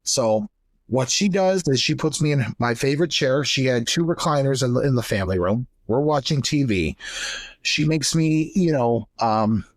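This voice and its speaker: Medium-pitched and animated, a young man speaks at normal speed in a dry, studio-quality recording. The podcast co-host emotionally and candidly narrates a painful family story, giving voice to each person he quotes.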